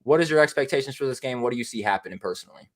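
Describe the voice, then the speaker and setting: A man's voice: medium pitch, very fast. A man hosting an interview, casual and chatty as he sets up questions. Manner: relaxed, chatty, calls guest "man". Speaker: podcast host.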